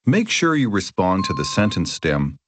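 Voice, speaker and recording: Low, lively man reading a lesson. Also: normal speed, a little hiss or hum. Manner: clear, even instructional delivery with acted example lines. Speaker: lesson audio narrator. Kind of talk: scripted grammar lesson reading.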